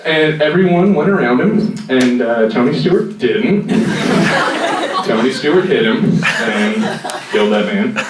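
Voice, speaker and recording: A man's voice: medium pitch, animated, a little slow. A man in his twenties from North Carolina doing stand-up comedy, with a rambling, filler-heavy, profane delivery. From North Carolina, USA. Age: 20s. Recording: echoey room from far off, noisy.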